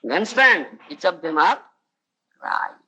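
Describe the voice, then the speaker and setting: A man's voice: high-pitched, sing-song, measured pace, creaky, bright, forceful tone, a little hiss or hum, rough recording. A man with an Odia accent giving a devotional lecture, often laughing and asking his listeners whether they understand, on an old tape recording. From India. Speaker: spiritual teacher.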